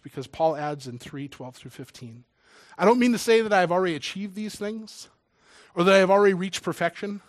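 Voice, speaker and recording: Man preacher, slightly high voice, emotional, loud readings then hushed asides, dry mic. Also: no echo. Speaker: preacher and church drummer. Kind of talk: sermon.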